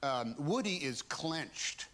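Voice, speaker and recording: A man's voice: a little high, lively intonation, takes it slowly, a bit bright. A male actor in an interview, telling stories and acting out the lines he quotes. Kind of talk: interview anecdote.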